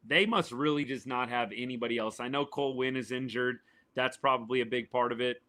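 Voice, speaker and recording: A man, his voice worn and going hoarse, chatting casually as a podcast host reacting live to a baseball game and answering viewers. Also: medium pitch, steady tone, fairly quick, sharp tone. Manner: chatty, answers chat viewers by name, says y'all. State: voice worn and failing, a little quieter than usual.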